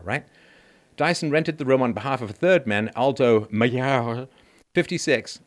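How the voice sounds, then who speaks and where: A middle-aged man hosting a show, reading news stories aloud and cutting in with mocking, jokey asides and laughter. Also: fairly low pitch. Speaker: podcast host. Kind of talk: sarcastic news commentary.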